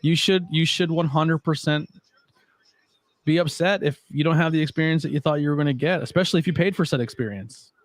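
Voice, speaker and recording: Fast-talking sarcastic man. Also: a little high, dry recording. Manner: sarcastic, teasing. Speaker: podcast co-host. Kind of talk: casual chat.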